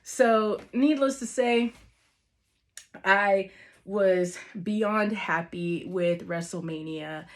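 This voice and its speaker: A woman's voice: medium pitch, drawn-out words. A woman vlogger gushing over a live wrestling event in a casual, emotional recap, laughing often and calling out to her viewers. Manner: gushing, emotional, laughs often, says "you guys" and "literally" a lot. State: near tears at moments.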